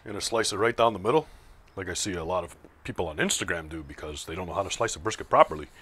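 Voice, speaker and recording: A man's voice: low voice, racing, a bit bright, a little hiss or hum. A man hosting his own barbecue video, chatting casually while slicing and tasting. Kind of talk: casual cooking vlog narration.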